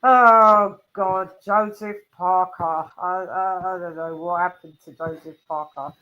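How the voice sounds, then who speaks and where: A woman's voice: lowish voice, fairly even intonation, slow pace, sharp tone, dull audio. A woman hosting a casual boxing chat livestream, bantering and laughing as she talks. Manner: chatty, laughing, swearing banter. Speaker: host.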